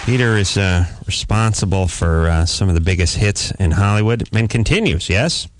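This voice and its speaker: A man's voice: expressive, moderate pace, dry recording. A man hosting a comic talk radio show, riffing and joking with a guest. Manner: joking, riffing, mock high voice for quotes. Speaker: radio host.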